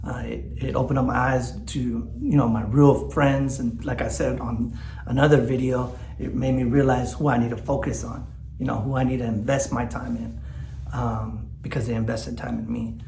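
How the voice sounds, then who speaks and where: A man's voice: medium pitch, flat delivery, normal speed, creaky, darkish tone, echoey room, a little hiss or hum. A man talks candidly in a personal vlog, teary and rambling, with lots of fillers and restarts. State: teary, choked up. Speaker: vlogger. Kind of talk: emotional personal vlog talk.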